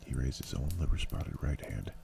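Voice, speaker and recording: A man reads a novel aloud in a slow, low ASMR style, his voice extremely deep and full of vocal fry. Keyboard clicks come through clearly behind him. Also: expressive, distant mic, noisy background. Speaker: ASMR channel reader. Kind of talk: ASMR audiobook reading.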